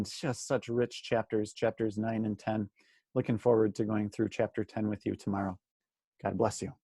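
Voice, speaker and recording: Husky low-voiced man teaching the Bible. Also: dark tone, no room sound, studio quality. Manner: earnest, asks rhetorical questions, repeats words for emphasis. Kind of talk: daily Bible study talk.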